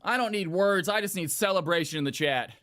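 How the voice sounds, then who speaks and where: A man hosts a live game stream, talking fast and shouting with excitement at his chat. His voice sits high and sounds bright and sharp. The sound is dry and close, with little room sound. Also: no echo. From California. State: out of breath. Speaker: streamer hosting viewer games. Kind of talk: live-stream hype commentary.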